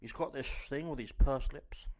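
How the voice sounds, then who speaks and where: A man with a North East English accent hosting a loud, sweary, rambling news rant podcast. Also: medium pitch, normal speed, whispered. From North East England. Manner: loud, sweary, rambling, jumps into silly put-on voices. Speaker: podcast host.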